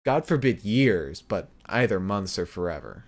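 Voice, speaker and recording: Chill guy with a lowish voice rambling through a show recap, lots of ums. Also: animated, unhurried. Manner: rambling, with filler words and laughs. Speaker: podcast co-host. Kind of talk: casual recap chat.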